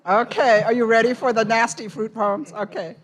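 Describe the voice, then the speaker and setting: A woman's voice: a little high, steady tone, moderate pace. A woman poet from Hong Kong giving a live poetry reading, with wry, teasing asides between the poems. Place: university poetry center reading room.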